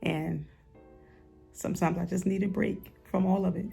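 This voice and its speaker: Husky, gravelly woman rapper. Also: lowish voice, steady tone, normal speed, dark tone, soft background music. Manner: frank and profane, gets playful and laughs. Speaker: rapper interviewed about her life. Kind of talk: candid documentary interview.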